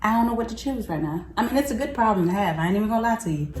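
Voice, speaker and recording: A young woman vlogger telling a story to her viewers in a slangy, animated, chatty way, often laughing. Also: mid-range voice, racing, roomy sound, slight background noise. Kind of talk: casual storytelling to camera.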